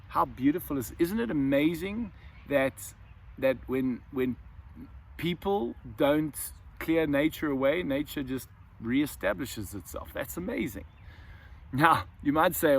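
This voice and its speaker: A man's voice: medium pitch, expressive, measured pace, a bit bright. A man hosting a self-help video, musing in an unscripted monologue that often restarts and repeats words. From South Africa. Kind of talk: reflective monologue to camera.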